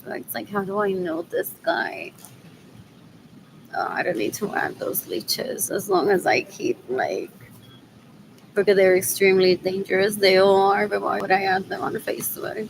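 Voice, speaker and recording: A woman talks in a rambling monologue, circling back on the same words and muttering asides. Her mid-pitched voice has a gravelly fry running through it. A faint hum sits behind her. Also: expressive, measured pace. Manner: repetitive, drifting, mutters asides, drops Spanish words. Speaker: vlogger.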